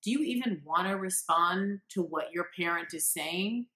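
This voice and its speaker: A woman's voice: fairly low pitch, moderate pace, bright, forceful tone. A woman parenting coach giving earnest, encouraging advice straight to parents. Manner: acts out the quotes she gives. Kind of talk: direct-to-camera advice talk.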